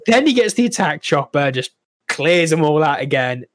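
Higher-voiced guy, excitable, does sound effects, dry mic. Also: normal speed, no echo. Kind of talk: casual gaming chat.

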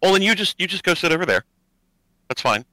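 A man's voice: high voice, very animated, normal speed, bright, forceful tone, dry recording, pitched above the performer's own voice, heavily acted, rough recording. A man voicing a weary vampire prince in a tabletop game, curt and exasperated. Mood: dismissive.

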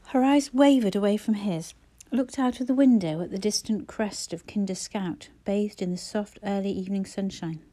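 Mellow woman narrating a novel. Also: mid-range voice, moderate pace, hardly any pauses. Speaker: audiobook narrator. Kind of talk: scripted narration.

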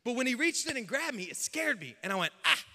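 A male pastor telling a story in a sermon, animated and acting out dialogue with sudden shouts. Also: very high voice, fast talker. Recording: long hall reverb.

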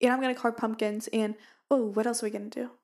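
Speaking quickly in a slightly high, mellow voice with a level tone, a young woman co-hosts a casual podcast, bubbly and prone to rambling, frequently turning to listeners with "you guys." She's recorded through a pop-filtered studio mic.

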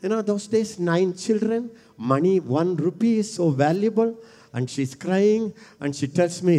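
A man preaching a sermon, fervent and repetitive, rising at times to shouts. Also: on the high side, moderate pace. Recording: long hall reverb.

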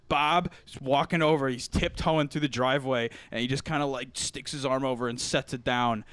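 A man's voice: mid-range voice, fast, few pauses, fairly bright tone, no echo. A young man telling a story in a casual chat, laughing often, swearing and acting out quotes. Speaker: podcast co-host.

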